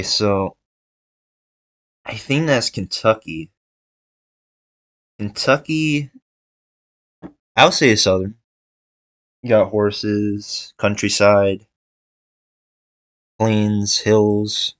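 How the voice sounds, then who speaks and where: A man's voice: on the low side, fairly even intonation, drawn-out words, long pauses, no echo, low-quality recording. A young man giving casual tier-list commentary, thinking aloud with fillers and restarts. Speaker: video creator ranking states.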